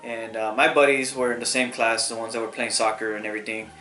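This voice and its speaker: A man's voice: mid-range voice, fast. A young man telling a story about his school days in a casual, rambling way, acting out the voices of the people in it. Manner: rambling, animated retelling with quoted voices. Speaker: vlogger. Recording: echoey room with faint music.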